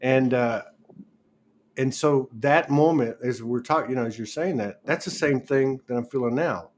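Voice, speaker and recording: A man's voice: mid-range voice, normal speed. A man hosting a casual spiritual talk show, rambling and restarting as he tells stories and laughs along. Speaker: host.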